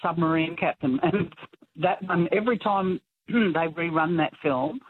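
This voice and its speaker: A woman's voice: fairly low pitch, measured pace, husky. A woman calling in to a radio show, giggly and self-conscious. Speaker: caller. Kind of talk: phone-in call. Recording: tinny phone line.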